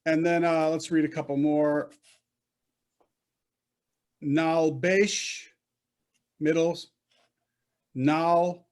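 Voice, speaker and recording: A man's voice: fairly high pitch, fairly even intonation, drawn-out words, pauses often, a little mellow, clean tone. A man teaching a Hebrew class over a video call, patient and repetitive, often checking whether students follow. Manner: patient, repeats and checks understanding.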